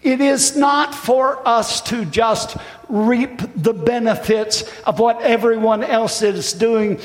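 A middle-aged man preaching a sermon in a church, swinging from fervent shouts down to hushed appeals. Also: extremely high pitch, slow pace. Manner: impassioned, rising to shouts then dropping to a hush. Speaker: pastor. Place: church sanctuary. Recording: echoey hall with long reverb.

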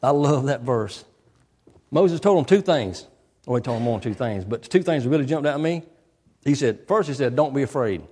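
A pastor preaching a sermon, emphatic and folksy, often repeating key phrases. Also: male voice, medium pitch, animated, moderate pace, a little mellow, husky, big-room sound.

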